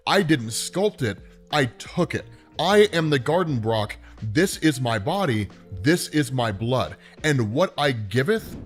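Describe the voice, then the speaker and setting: A man voicing a gloating, godlike male symbiote villain, speaking in a slow, measured taunt. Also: fairly high pitch.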